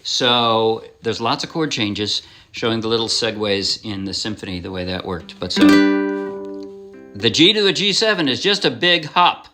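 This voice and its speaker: A man's voice: lowish voice, expressive, moderate pace, over loud music. A man giving a casual ukulele lesson, talking in a loose, rambling way, often restarting his sentences and apologizing as he explains. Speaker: ukulele instructor. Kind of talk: casual music tutorial. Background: ukulele playing.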